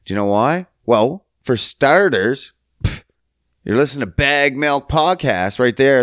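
Animated, slow-talking male podcast host. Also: dry recording, studio quality, faint music behind. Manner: sing-song, jumps high in pitch for silly bits, profane. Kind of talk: solo comedic podcast rant.

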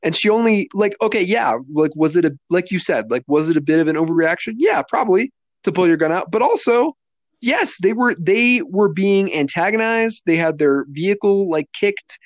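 A man's voice: high voice, lively intonation, normal speed, no room sound. A man co-hosting a casual talk show, explaining carefully and stopping to clarify details. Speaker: podcast co-host. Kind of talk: casual commentary chat.

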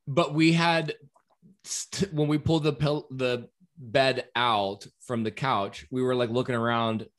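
A man's voice: medium pitch, fairly even intonation, measured pace, a bit bright. A man co-hosting a casual chat show from his apartment, telling stories in a rambling way with lots of ums and casual swearing. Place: apartment in New York.

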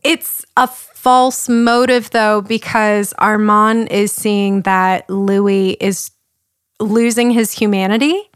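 A young woman co-hosting a podcast in easygoing chat, quick to laugh as she walks through a plot. Her voice sits at an ordinary pitch. The sound is dry and close, with no room around it. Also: steady tone, no echo. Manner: chatty, laughs often, recounts plots with quoted asides. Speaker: podcast co-host. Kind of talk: casual chat.

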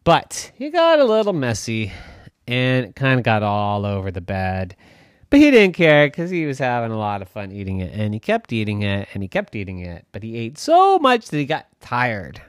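A man's voice: fairly low pitch, dry recording, studio quality. A man improvising a playful bedtime story for a child. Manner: slow, playful, animated, clears throat.

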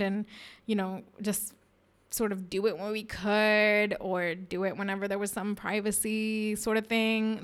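Speaking in a mid-range voice, a young woman from India opens up in a candid, frank monologue about herself, laughing frequently with a touch of self-consciousness.

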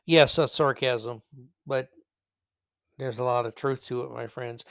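A man's voice: medium pitch, fairly even intonation, a little slow, creaky, long pauses, a bit bright, dry recording. A man hosting a solo commentary podcast, talking in a rambling way with sarcastic, mocking asides. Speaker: podcast host.

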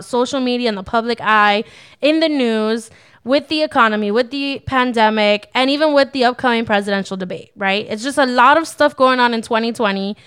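A woman's voice: a little high, fairly bright tone, smooth. Upbeat woman hosting a faith podcast. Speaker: podcast co-host. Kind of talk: casual faith-based podcast talk.

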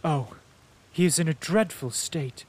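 A man's voice: fairly high pitch, a little slow, breathy edge. A man reading an audiobook and voicing an anxious, scheming middle-aged mother who pleads and laments dramatically. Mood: plaintive. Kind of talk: audiobook character voice.

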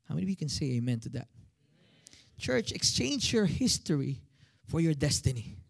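A man preaches with a Filipino accent, his voice sitting fairly high. He is in his thirties and talks in an animated way, calling on the congregation to answer him back. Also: moderate pace, vocal fry. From Philippines. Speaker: pastor. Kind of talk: sermon.

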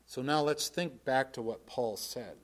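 A man preaching a sermon in an earnest, plainspoken way, swinging from forceful emphasis to quiet asides. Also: medium pitch, unhurried.

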